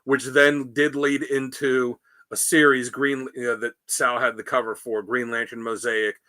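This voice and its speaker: A man hosting a casual podcast about comic books, telling the stories in a rambling, animated way with lots of fillers. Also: mid-range voice, measured pace. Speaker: podcast host. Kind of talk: casual comic book discussion.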